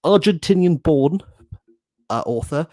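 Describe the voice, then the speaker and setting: Rambling, jokey young man, lively pitch. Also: measured pace, no echo. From Wales. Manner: joking, rambling, self-mocking with laughs. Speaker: book vlogger. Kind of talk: casual bookshelf tour chat. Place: small box room at home.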